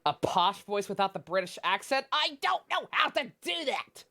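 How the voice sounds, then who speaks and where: A woman's voice: medium pitch, big pitch swings, normal speed, sharp tone. Laughing, swearing woman game streamer. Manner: casual, swears a lot, laughs often. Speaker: let's play streamer. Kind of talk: game commentary.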